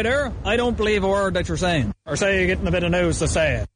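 A man's voice: high-pitched, fast, few pauses. A man with a Newfoundland accent explaining local slang in a clip, acting out little dialogues. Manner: animated, acts out little dialogues. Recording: outdoor clip with traffic noise.

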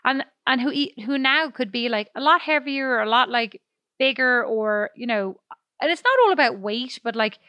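Woman co-hosting a chatty podcast, rambly and self-deprecating, bright voice, dead dry sound. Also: fairly high pitch, normal speed, dry recording. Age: adult. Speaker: podcast co-host. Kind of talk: casual chat.

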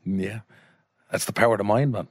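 Low-voiced Irish man, swearing storyteller, dry sound. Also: brisk, gravelly, no room sound. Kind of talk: casual anecdote.

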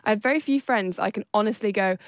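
A young woman co-hosting a casual chat podcast, with a mid-range voice. She talks openly and cuts in with quick self-deprecating jokes. The recording is close and dry. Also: medium pitch, dry recording. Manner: frank, jokey asides, self-deprecating. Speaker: podcast co-host.

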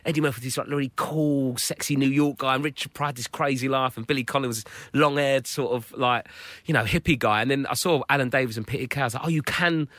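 A man in his thirties, a comedian chatting in an interview, telling animated stories and acting out quotes. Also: mid-range voice, quick pace, hardly any pauses, no echo. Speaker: comedian guest. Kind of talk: casual interview chat.

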